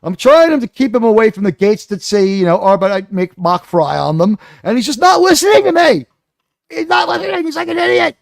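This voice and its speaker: Sarcastic male streamer with a high voice. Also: lively intonation, brisk, gravelly, dry recording, studio quality. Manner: sarcastic, mocking storyteller. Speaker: livestream host. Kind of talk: live stream rant.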